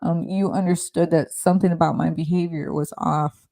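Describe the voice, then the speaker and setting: A middle-aged woman talking earnestly in a casual, heartfelt conversation, often halting and restarting. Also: deep voice, steady tone, vocal fry, warm tone. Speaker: podcast host.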